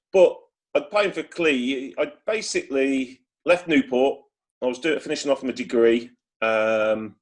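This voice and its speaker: A man, a former footballer casually telling rambling stories over a video call. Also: mid-range voice. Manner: chatty, rambling with many restarts and acted quotes. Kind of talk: casual storytelling.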